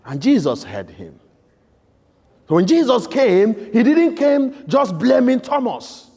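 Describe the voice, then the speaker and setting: A male priest delivering a homily with a high, lively voice that leaps between bursts of shouting and near-whispered lines. His tone is husky with a gravelly edge. The sound rings with the long echo of a church. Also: slow pace. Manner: emphatic, swinging between loud outbursts and soft quiet lines. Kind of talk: sermon. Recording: echoey church hall.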